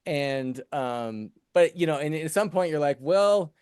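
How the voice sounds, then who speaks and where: A man's voice: fairly high pitch, measured pace, a little mellow, smooth, dry recording. Middle-aged male co-host, rambling, dry close recording. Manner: rambling, many restarts and hedges. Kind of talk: casual podcast discussion.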